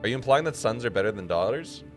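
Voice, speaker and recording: A man's voice: mid-range voice, wildly swooping pitch, brisk, pitched above the performer's own voice. A man playing a curious human male cleric who asks blunt, hesitant questions. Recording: music playing underneath.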